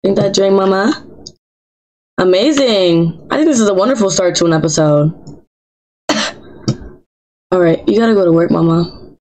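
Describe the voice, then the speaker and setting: A woman's voice: medium pitch, normal speed, long pauses, a little mellow, rough recording. A woman streaming a life simulation game, chatting in a playful, teasing way and talking back to the characters in slang. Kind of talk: playful live gameplay commentary.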